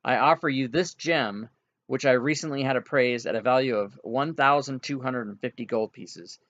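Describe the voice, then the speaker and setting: A man's voice: medium pitch, moderate pace, fairly bright tone, natural voice. A man playing a kindly furbolg healer. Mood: pleading. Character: friendly male furbolg healer, kindly and earnest. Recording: dull lo-fi dry recording.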